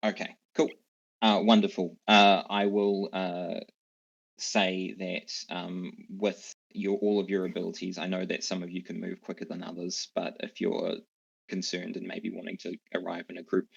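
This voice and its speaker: A man narrating as dungeon master in an online tabletop game, relaxed and rambling with many fillers. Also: sits low, normal speed, gravelly, breathy edge. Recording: dull lo-fi mic.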